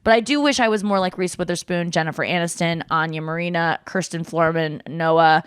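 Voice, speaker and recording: Animated woman podcast host, dry sound. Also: lowish voice, fairly quick, clear, resonant tone, no room sound. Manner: animated, self-deprecating, swears freely. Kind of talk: casual chat.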